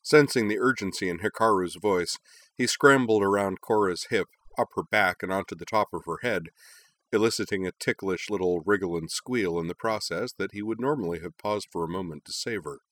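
A man narrating a story in a lively, expressive reading. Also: low voice, a little fast.

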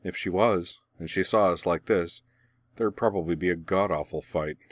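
A man's voice: low voice, normal speed, no room sound, studio quality, lightly acted. A man reading the part of a brooding young man who speaks wryly and matter-of-factly. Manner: wry, matter-of-fact. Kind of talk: audiobook character reading.

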